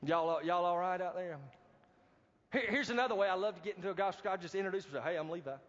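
High-voiced pastor preaching. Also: male voice, fast talker. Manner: animated, calls out to the congregation for responses. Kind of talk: sermon. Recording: dull, reverberant hall recording.

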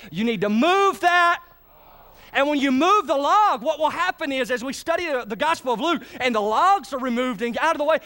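A man preaching a sermon, calling on the congregation to answer him. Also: very high voice. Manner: lively, calls on the congregation to answer. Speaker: pastor.

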